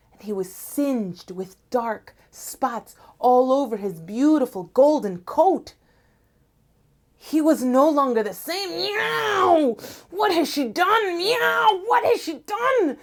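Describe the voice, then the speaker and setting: A woman telling a folktale aloud in an expressive, dramatic way, at times dropping to a hushed tone. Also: medium pitch. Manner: expressive, dramatic, drops to soft hushed tones. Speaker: storyteller. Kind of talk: oral folktale storytelling.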